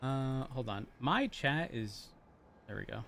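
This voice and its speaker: A man's voice: mid-range voice, expressive, takes it slowly, fairly bright tone, a little hiss or hum. A man streaming and chatting casually with viewers while gaming, rambling through explanations with many restarts. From rural area, then a city. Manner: rambling, self-interrupting explanations.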